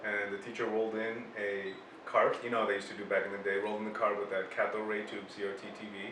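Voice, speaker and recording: A man's voice: lowish voice, flat delivery, fast talker, echoey room, recorded from a distance, noisy background. A man from Las Vegas on a comedy podcast, emphatic and prone to repeating himself. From Las Vegas, USA. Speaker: podcast co-host. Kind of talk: casual comedy chat.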